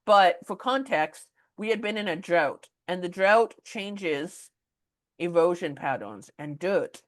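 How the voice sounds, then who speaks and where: A woman hosting a podcast, telling a story in a casual, animated way with lots of filler words. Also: on the low side, slow. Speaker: podcast host.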